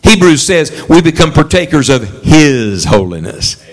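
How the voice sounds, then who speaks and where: A man's voice: on the high side, sing-song, measured pace. A man preaching a sermon, leading his congregation in call-and-response and stressing a key word again and again.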